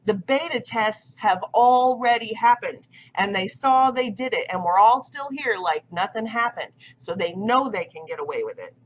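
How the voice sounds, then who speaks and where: A woman's voice: on the high side, lively intonation, moderate pace, few pauses. Insistent woman vlogger, lo-fi audio. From United States. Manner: emphatic, insistent, repeats herself. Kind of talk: casual monologue to camera. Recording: dull lo-fi audio.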